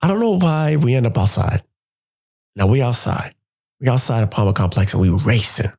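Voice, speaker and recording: A young man telling a personal story in a casual, animated way, jumping into his friends' voices when he quotes them. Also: mid-range voice, normal speed, vocal fry.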